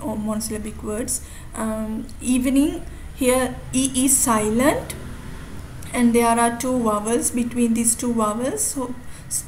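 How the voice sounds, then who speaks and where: A Sri Lankan woman teaching an English lesson on poetic metre, explaining slowly and counting syllables aloud. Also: on the high side, darkish tone. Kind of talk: recorded video lesson. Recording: echoey room, faint ambient noise.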